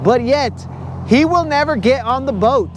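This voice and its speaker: A man's voice: very high voice, expressive, normal speed, background noise. A man hosting a live fishing stream from a boat, chatting casually in a joking, slangy, teasing way. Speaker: fishing livestream host. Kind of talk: casual chat. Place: outdoors on a lake boat.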